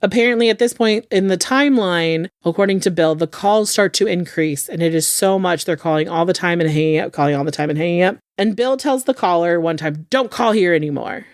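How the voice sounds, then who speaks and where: A woman's voice: on the low side, brisk, hardly any pauses, no room sound, studio quality. A woman hosting a podcast, casually recapping a true-crime case, chatty and profane, full of filler words. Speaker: podcast host.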